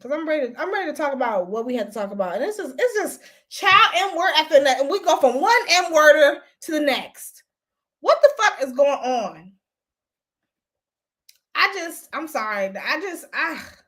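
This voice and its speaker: Brief: young woman host, very high, bright voice, blunt, profane gossip commentary. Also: sing-song, moderate pace. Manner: blunt, profane, heated ranting. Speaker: host of a gossip recap show. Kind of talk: casual commentary livestream.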